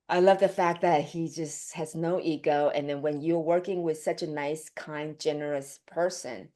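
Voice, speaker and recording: A woman actress telling a story in a casual interview, chatty and animated, acting out quoted lines and laughing often. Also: deep voice. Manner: chatty, many fillers and restarts.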